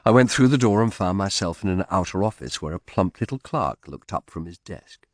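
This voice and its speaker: Male narrator, audiobook, low pitch, dry studio sound, measured storytelling. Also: expressive, dry recording. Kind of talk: audiobook narration of a historical mystery.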